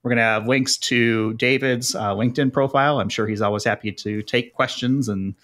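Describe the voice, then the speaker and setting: Guy hosting a podcast, joking, normal pitch, easygoing. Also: normal speed. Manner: joking, relaxed, reads promos. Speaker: podcast host. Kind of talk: casual podcast chat.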